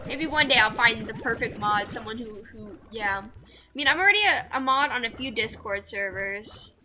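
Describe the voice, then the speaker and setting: With a noisy background behind her, a young VTuber speaks at a moderate pace in a slightly high voice with lively intonation. While gaming live, she rambles to her chat using many fillers.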